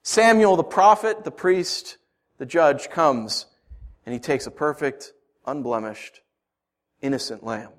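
A man preaching a sermon, swinging from hushed lines to emphatic ones and asking rhetorical questions. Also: on the high side, takes it slowly. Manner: rhetorical questions, storytelling asides. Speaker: pastor.

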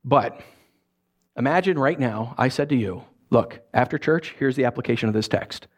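A man, a pastor, preaching a sermon, reading scripture and acting out lively asides. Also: mid-range voice, moderate pace. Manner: animated, acts out voices and asides.

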